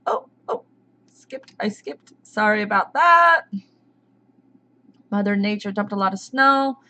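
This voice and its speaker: A woman's voice: medium pitch, expressive, unhurried, sharp tone. A woman hosting a casual live stream, chatting and reading out viewers' names as they come in. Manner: chatty, greets viewers by name.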